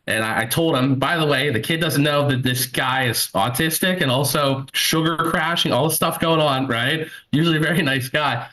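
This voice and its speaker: A man's voice: medium pitch, fairly quick, few pauses, bright, forceful tone, low-quality recording. A young man doing a live stand-up set, telling rambling stories with crude asides. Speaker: stand-up comedian. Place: comedy club stage.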